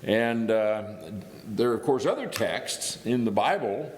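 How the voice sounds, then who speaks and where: With lively intonation and an unhurried pace, this medium-pitched middle-aged Indiana man preaches as a guest in a church. His delivery is conversational, full of little restarts as he thinks aloud, captured in an echoing church hall.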